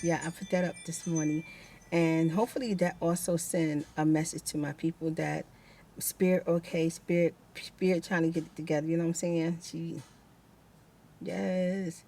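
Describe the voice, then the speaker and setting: A middle-aged woman chatting to her viewers, with a lower than usual voice for a woman. She tells stories in an easygoing, talkative way. A faint hum sits under her voice. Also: darkish tone. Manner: chatty storytelling, addresses viewers as y'all. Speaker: vlogger. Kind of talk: casual chat to the camera.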